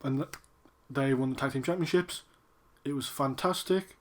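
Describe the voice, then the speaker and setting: Chatting casually about a wrestling show, a man reacts to each match, getting excited and quick to cheer at what he's watching. His voice falls in the mid range.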